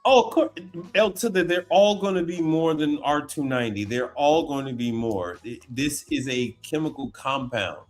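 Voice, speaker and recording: A man hosting a casual livestream, talking in an animated, slangy way, exclaiming and repeating himself as he reacts. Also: fairly high pitch, normal speed, soft background music. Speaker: appliance repair tech livestream host. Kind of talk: casual livestream chat while browsing online.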